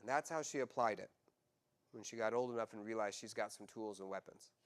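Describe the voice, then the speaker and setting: A man pastor preaching a sermon, animated and conversational, acting out quoted voices with humor. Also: fairly low pitch, a little fast.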